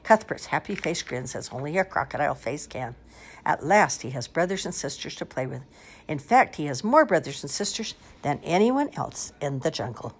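Lady reading kids books out loud, low husky voice, really bouncy singsong delivery. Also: normal speed. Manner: expressive, sing-song storytelling. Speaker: storyteller. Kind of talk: reading children's picture books aloud.

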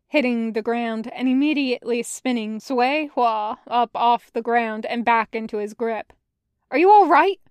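A woman reading a fan fiction story aloud as a podfic, in a measured storytelling way. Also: a little high, a little mellow, clear, resonant tone, no room sound, studio quality. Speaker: podfic reader. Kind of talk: audiobook narration of fan fiction.

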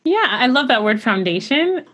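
A woman who sings opera, talking earnestly in a casual interview, full of "like" fillers and quick laughs. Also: high-pitched, big pitch swings, a bit bright. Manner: chatty and earnest, filler-heavy with frequent "like"; laughs often while talking. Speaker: opera singer, interview guest.

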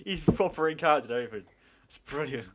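A young man, co-hosting a podcast in casual chat, animated and laughing a lot. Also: a little high, fast talker, crowd noise. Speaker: podcast co-host.

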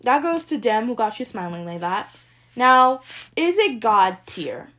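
A young woman talks through romance tropes in a casual vlog, her slightly high voice leaping into excited squeals and dropping to soft murmurs. She gushes freely and talks animatedly. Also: a little slow. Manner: gushing, animated, with big swings between squeals and murmurs. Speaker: book vlogger ranking tropes. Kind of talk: casual chat.

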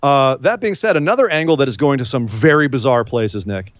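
A man co-hosting a casual wrestling recap chat, telling the story with lively quoted voices. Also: medium pitch, brisk, no echo, highs cut off. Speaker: podcast co-host.

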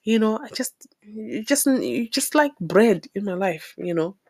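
Speaking at a measured pace with a breathy edge and medium pitch, this young vlogger from Zimbabwe delivers a loose, opinion-filled monologue to camera. She's lively and exasperated, and she laughs a lot.

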